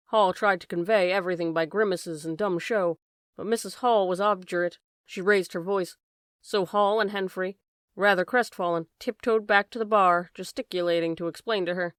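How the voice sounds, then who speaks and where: A woman narrating an audiobook of a classic novel in a measured, even reading. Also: on the low side, no room sound, studio quality. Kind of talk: scripted narration.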